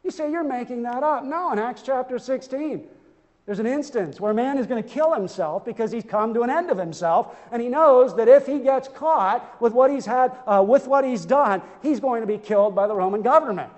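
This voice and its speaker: A high-pitched man preaches an earnest, emphatic sermon, stumbling over repeated words as he presses each point. His voice rings through a church sanctuary with a long trailing reverb. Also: lively intonation, normal speed. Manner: earnest, emphatic, with frequent stammered restarts.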